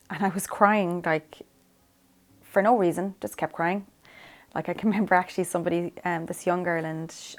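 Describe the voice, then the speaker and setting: A woman giving a personal testimony in an interview, chatty and full of "like". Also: lowish voice. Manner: chatty, peppered with "like", acts out quotes. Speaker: interviewee sharing faith testimony.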